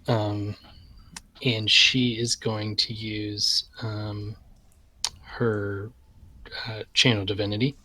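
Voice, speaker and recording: A man playing a tabletop role-playing game, talking in a halting, hesitant way with many pauses. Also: on the low side, little pitch movement, pushed and bright. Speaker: player. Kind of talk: casual tabletop play.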